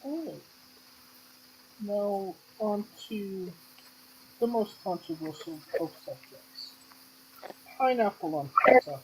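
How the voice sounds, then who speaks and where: A woman's voice: mid-range voice, expressive, takes it slowly, pauses often, a little hiss or hum, low-quality recording. A woman hosting an interview who asks playful, jokey questions in a casual, upbeat way. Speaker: interview host.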